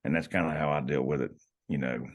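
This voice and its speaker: Middle-aged guy w a really low voice, rambling hunting stories on a podcast. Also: steady tone, fast. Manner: rambling, folksy, many restarts. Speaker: podcast guest, hunter. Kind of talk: casual storytelling. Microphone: podcast microphone.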